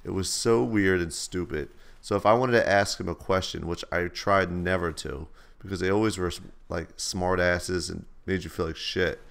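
A man's voice: deep voice, steady tone, normal speed, creaky, few pauses, a bit bright. A man hosting a gaming channel, telling laid-back, slangy stories over gameplay. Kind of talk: casual storytelling over gameplay.

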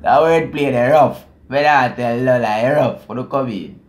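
A man with a Jamaican accent hosting a reaction video, explaining song lyrics in casual, animated patois and chuckling often. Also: mid-range voice, a little slow. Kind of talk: casual commentary.

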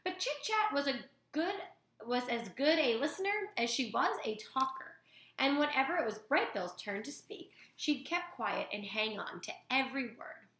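A woman reading a children's novel aloud to young listeners in an expressive storytelling manner. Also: high voice, normal speed, reverberant. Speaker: storytime reader.

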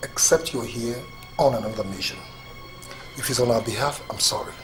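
A man's voice: medium pitch, expressive, normal speed, natural voice. An actor with a Nigerian accent playing a stern older father, curt and formal as he turns a visitor away. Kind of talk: Nollywood film acting. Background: film score music.

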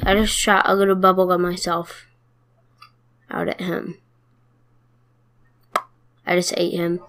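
A woman giving casual let's play commentary, chatting and playfully trash-talking her opponents. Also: fairly low pitch. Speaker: gamer.

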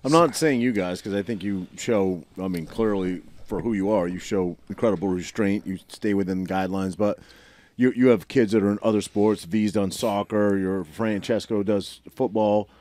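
A man's voice: on the low side, moderate pace, a little mellow. A man hosting a podcast, asking easygoing questions in casual chat. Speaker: podcast host.

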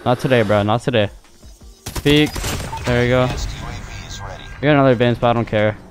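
Excitable young man calling a game. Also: mid-range voice, brisk. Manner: excitable, jumps between loud outbursts and muttered callouts. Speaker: gaming YouTuber. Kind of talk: live gameplay commentary. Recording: music playing under gunfire.

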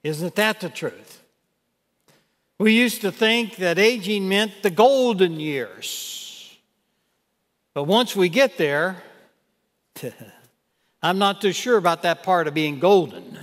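Slow, high-voiced older preacher, hall echo. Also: male voice, lively intonation, a bit bright. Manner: measured, earnest preaching, reading scripture aloud. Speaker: pastor. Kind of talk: sermon. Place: church sanctuary. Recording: long church hall reverb.

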